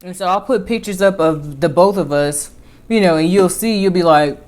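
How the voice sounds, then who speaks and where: A woman vlogger chatting casually to her viewers in a rather low voice. She tells her story in an animated way, rising and falling in pitch and loudness as she goes. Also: normal speed. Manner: chatty storytelling with lively swings in pitch and volume. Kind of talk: casual chat.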